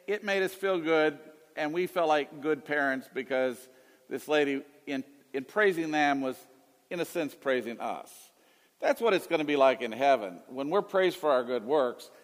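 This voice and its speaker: A man's voice: a little high, unhurried, long reverb tail. Folksy man in his late fifties. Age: 50s. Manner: folksy, rambling with restarts and chuckles. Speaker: radio Bible teacher answering callers. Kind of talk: call-in radio chat.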